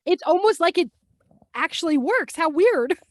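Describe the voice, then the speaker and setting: A woman co-hosts a casual podcast, telling stories with lots of laughter and the odd swear word. Her voice sits high and swings widely in pitch. The remote call recording is dry. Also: moderate pace, no room sound. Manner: animated storyteller, laughs often, swears casually. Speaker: podcast co-host. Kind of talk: casual chat.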